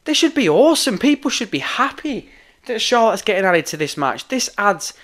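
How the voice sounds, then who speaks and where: Hoarse, ranting podcaster. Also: male voice, high-pitched, sing-song, normal speed, a bit bright. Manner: heated, sweary, repeats himself. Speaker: podcast host. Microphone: podcast microphone.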